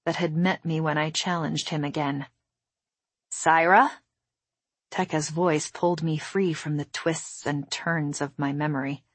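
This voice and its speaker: A woman narrating a first-person novel in a steady, measured storytelling voice. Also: deep voice, breathy edge, no echo. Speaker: audiobook narrator.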